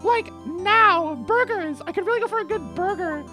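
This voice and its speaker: A woman's voice: extremely high pitch, moderate pace, sharp tone, soft background music, pitched above the performer's own voice. A woman voicing a bubbly teenage girl, a playful younger sister, who talks in a valley-girl drawl full of "like". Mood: demanding.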